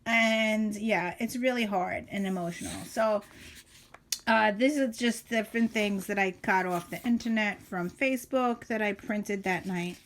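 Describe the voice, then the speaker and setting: A woman's voice: mid-range voice, measured pace, a little hiss or hum. Middle-aged woman, casual home vlog, hesitant, filler-heavy, a bit emotional. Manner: hesitant, many ums and uhs, emotional. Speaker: vlogger. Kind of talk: casual journal flip-through.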